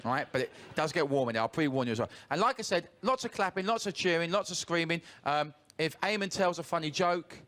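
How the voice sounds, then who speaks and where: Cheeky warm-up man, lively. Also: fairly high pitch. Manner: cheeky, joking, lively and teasing. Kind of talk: audience warm-up patter. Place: TV studio with live audience. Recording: noisy studio crowd. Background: studio audience laughing and cheering.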